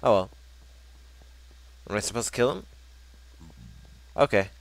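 Brief: young male let's-player, lively up-and-down pitch, joking and chatty. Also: measured pace, creaky, no room sound. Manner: animated, joking, reads game text aloud. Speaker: gameplay commentator. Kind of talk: casual let's play commentary.

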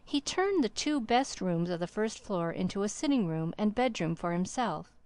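A woman narrating a classic story as an audiobook in a measured, formal way. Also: medium pitch, very animated, darkish tone.

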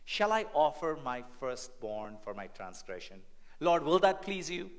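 A man's voice: a little high, sing-song, a little slow, voice pushed up. A man preaching, acting out a sarcastic, snotty male defense lawyer who pleads with exaggerated offers. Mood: sarcastic pleading.

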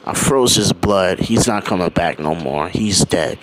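A man's voice: deep voice, expressive, a little slow, very noisy, pitched below the performer's own voice. A man voicing a ruthless overpowered young pirate captain. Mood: cold.

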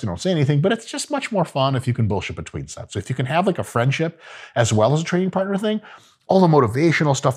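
A man's voice: on the high side, slightly rough. A man giving casual, profane, joking coaching talk about gym training. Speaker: fitness coach.

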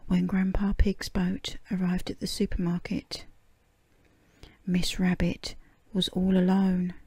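Woman, whispered storybook reading, slow, breathy, low and mellow, dry close sound. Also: monotone, no room sound. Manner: soft hushed half-whisper. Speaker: storybook reader.

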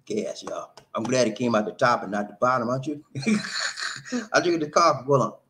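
Man, live-stream host, lively shout-outs, rhyming chants, laughs at his own jokes. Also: medium pitch, normal speed, background noise. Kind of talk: casual live-stream chat.

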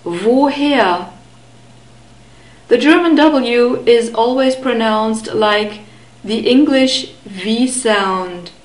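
A woman teaching German pronunciation to beginners, patiently repeating each word slowly and clearly. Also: on the high side, roomy sound, rough recording. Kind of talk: slow, careful pronunciation lesson.

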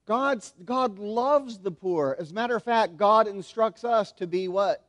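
A man's voice: very high-pitched, moderate pace, few pauses. A man preaching a sermon to his congregation, asking them to answer back and acting out scenes as he goes. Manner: animated preaching with call-and-response to the congregation. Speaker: pastor. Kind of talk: expository sermon. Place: church sanctuary. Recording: long hall reverb.

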